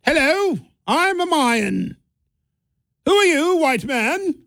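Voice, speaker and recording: A man putting on a haughty Mayan man who talks with a posh, royal-sounding manner in a high voice. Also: sing-song, slow pace, gravelly, fairly bright tone, dry recording, studio quality, full character voice.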